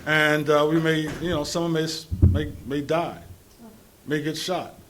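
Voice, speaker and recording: A man speaks on a conference panel with a fairly high voice. He talks informally and rambles, often restarting his sentences and chuckling between them. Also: fairly even intonation, unhurried, fairly bright tone, slight background noise. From New Jersey. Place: conference hall.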